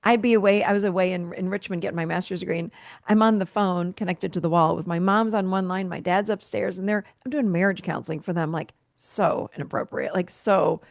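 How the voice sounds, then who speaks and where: A woman's voice: lowish voice, brisk, vocal fry, dry recording, studio quality. A woman in her fifties, a therapist guest telling personal stories in a candid interview and acting out the dialogue. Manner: animated storyteller, acts out quoted dialogue.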